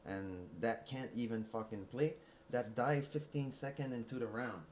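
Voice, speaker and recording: A man's voice: medium pitch, moderate pace, darkish tone, slight background noise. A man with a Quebec French accent, ranting heatedly and profanely at a teammate while streaming a mobile game. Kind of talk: angry rant while streaming gameplay.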